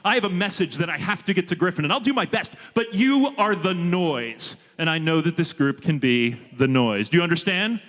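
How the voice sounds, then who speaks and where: High bright-voiced man speaking in a hall. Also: normal speed, few pauses. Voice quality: energetic, animated and audience-engaging. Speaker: leadership speaker. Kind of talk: motivational talk to students. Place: large hall with a student audience. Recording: reverberant hall with a long echo.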